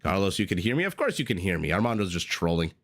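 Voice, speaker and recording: Casting a strategy game live, this esports caster blends commentary with casual chat, playful and chatty, teasing himself and coughing now and then. His low-pitched voice is sing-song, quick, and a bit bright.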